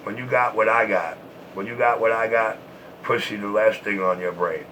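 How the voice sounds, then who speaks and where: A man's voice: fairly low pitch, steady tone, moderate pace, fairly bright tone, slight background noise, rough recording. A man trash-talking and taunting in a repetitive, boastful way, short of breath from smoking.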